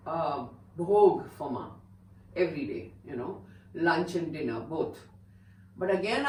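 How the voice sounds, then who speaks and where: Brief: older Indian woman, lowish voice, gentle chatty storyteller, mic set back in an echoey room. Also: recorded from a distance. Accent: Indian English. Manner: gentle, chatty, frequent "you know". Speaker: spiritual teacher telling her own story. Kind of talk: casual storytelling to viewers.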